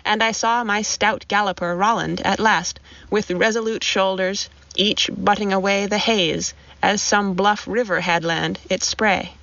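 A woman reciting a narrative poem in a measured, rhythmic way, in a dull lo-fi recording. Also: medium pitch, vocal fry, bright, forceful tone, dry recording. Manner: measured rhythmic verse reading. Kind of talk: poetry recitation.

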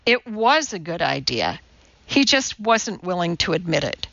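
A woman narrating an audiobook in a measured, even storytelling manner. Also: fairly low pitch, creaky, no room sound, lo-fi sound. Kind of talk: scripted narration.

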